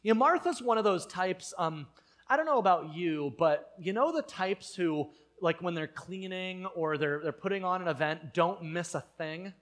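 A man's voice: high-pitched, expressive, normal speed, a bit bright. A man preaching a conversational sermon, telling the story casually with frequent fillers. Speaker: pastor.

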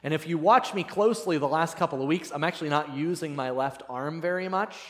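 Pastor telling a story in a reverberant hall. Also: male voice, fairly high pitch, fairly quick. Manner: casual and self-deprecating, animated when retelling. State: voice slightly strained, cracking. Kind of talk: conversational sermon storytelling. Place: church sanctuary.

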